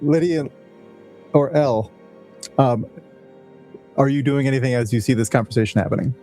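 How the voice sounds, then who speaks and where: A man running a tabletop game over an online call, narrating scenes and asking players what they do. His voice is mellow and dark, and he laughs easily and stumbles into restarts as he talks. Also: medium pitch, moderate pace, faint music behind. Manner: laughs often, hesitant restarts. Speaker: game master.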